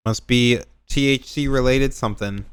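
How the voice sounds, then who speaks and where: A man's voice: mid-range voice, moderate pace, clean tone, no echo. A man co-hosting a reaction stream, chatting animatedly and sarcastically and laughing often. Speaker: stream co-host. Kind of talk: casual reaction-stream chat.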